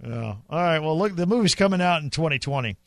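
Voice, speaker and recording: A man's voice: a little high, expressive, fast, dry recording, clean studio sound. A young man co-hosting a radio show, chatting casually and teasing while calling golf shots in passing. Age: young adult. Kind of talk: casual sports radio chat.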